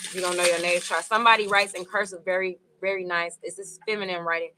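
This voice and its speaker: A woman's voice: fairly low pitch, flat delivery, quick pace, background noise. A woman with giving a casual, rambling tarot reading, full of fillers and asides to her viewers. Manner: rambling, conversational, with many fillers. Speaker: tarot reader.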